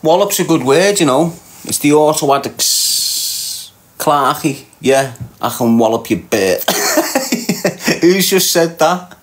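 Speaking slowly with lively intonation, this Scouse-accented man runs a livestream where he reads out comments from viewers and ribs them. His voice sits a little high, and he laughs often while firing back at the chat with mocking banter.

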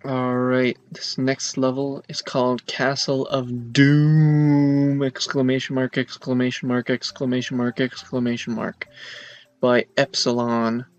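A man's voice: medium pitch, little pitch movement, a little slow. A man commenting on his own gameplay, complaining dramatically and with exasperation about a hard level. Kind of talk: let's play commentary. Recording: dull lo-fi mic with faint game music.

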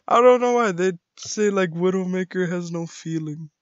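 A man's voice: high voice, normal speed, no room sound. A man hosting his own gaming channel, chatting casually and poking fun at himself. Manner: chuckling, self-mocking. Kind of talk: casual vlog commentary. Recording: dull lo-fi mic.

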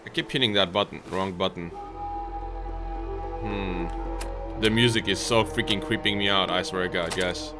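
Male let's-play host, lowish voice, chatty with viewers, game music clearly behind him. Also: fairly even intonation, moderate pace, pauses often. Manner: chatty, talks to viewers, yelps when startled. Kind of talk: gameplay commentary. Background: game music and sounds.

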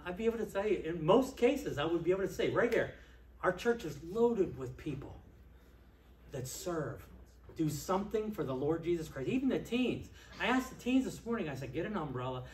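A man preaching a sermon as pastor, animated, swinging between loud outbursts and quiet asides. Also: high-pitched, normal speed, a little hiss or hum. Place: church sanctuary. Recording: echoey church hall from a distance.

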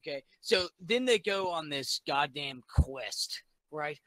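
A man, a little tipsy, tells a story in a loose, rambling way, with curses dropped into nearly every line. His voice is bright and forceful and sits a bit high. It sounds close and dry, with no room around it. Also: slow, no room sound, low-quality recording. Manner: rambling, profane, animated. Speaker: podcast guest. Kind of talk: casual chat, retelling a movie plot.

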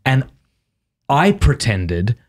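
A man's voice: medium pitch, very animated, extremely slow, darkish tone. A man with an Australian accent hosting a podcast, telling jokes and stories in casual chat. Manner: joking, playful storyteller. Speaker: podcast host.

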